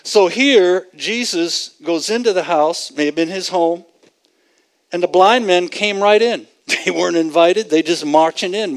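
A man's voice: sits high, unhurried, rough recording. A man preaching a sermon, earnestly explaining scripture and stressing his points with emphasis. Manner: earnest, emphatic, retells scripture with vivid acted-out quotes. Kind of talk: sermon teaching.

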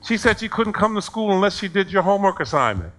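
A man preaching who voices an angry, indignant mother of a schoolgirl, shrill and demanding in a raised voice. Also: a little slow, bright, forceful tone.

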